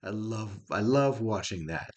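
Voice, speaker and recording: A man's voice: on the low side, expressive, measured pace. A middle-aged man giving a casual, rambling spoken review of a show, folksy and chuckling often.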